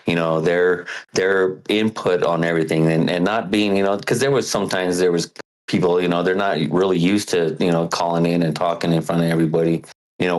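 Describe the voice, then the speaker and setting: A longtime caller talking in a rambling, halting way, full of fillers and restarts. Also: male voice, low voice, poor audio. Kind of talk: casual call-in chat.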